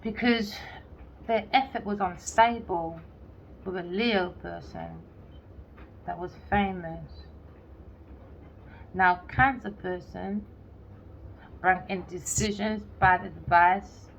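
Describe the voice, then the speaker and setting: A gravelly, fairly low female voice moves slowly through a laid-back tarot reading, pausing at length. The reader is sarcastic and blunt, swears without restraint, and voices imaginary dialogue. Slightly dull lo-fi audio carries faint background noise.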